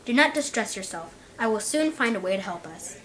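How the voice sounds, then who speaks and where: A woman reading the part of a brave boy comforting his sister, gentle and steady. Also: fairly high pitch, fairly quick, rough recording.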